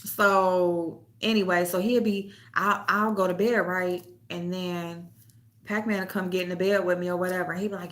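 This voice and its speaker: A woman's voice: fairly low pitch, moderate pace, fairly bright tone. A woman hosting a casual chat, telling stories loosely with lots of laughing and swearing, and speaking. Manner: loose storytelling, laughs often, swears freely, reads comments aloud. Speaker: host.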